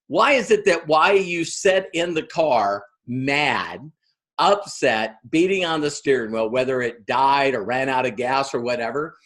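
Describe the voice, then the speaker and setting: A man giving a motivational business training talk, animated and acting out other people's lines as he tells stories. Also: on the high side.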